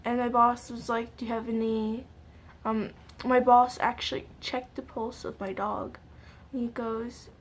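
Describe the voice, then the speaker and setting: A young woman vlogger tearfully retelling a sad personal story in a halting way, with many fillers and pauses. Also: a little high, level tone, slight background noise. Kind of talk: emotional storytime vlog.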